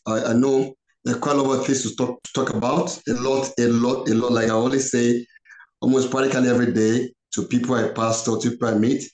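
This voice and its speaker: A male pastor speaks a heartfelt tribute over an online call, slow and earnest and given to repeating his words. His voice sits in the middle range for a man. The sound carries a noticeable room echo. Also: medium pitch, darkish tone. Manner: slow, repetitive, earnest, quoting others in short exchanges. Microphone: video call.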